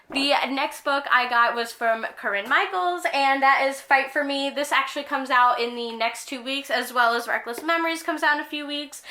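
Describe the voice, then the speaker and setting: A young woman talks through her latest book haul in a high, bright voice. She gushes with excitement and scatters "like" through her casual chat. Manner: gushing, enthusiastic, frequent "like" fillers. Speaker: book vlogger.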